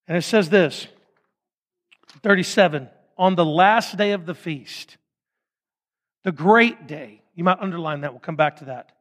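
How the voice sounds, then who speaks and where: Animated pastor preaching in a reverberant hall. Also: male voice, on the high side, moderate pace. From Fort Smith, Arkansas. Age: 30s. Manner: animated, joking asides, acts out voices. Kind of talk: sermon, reading and explaining scripture.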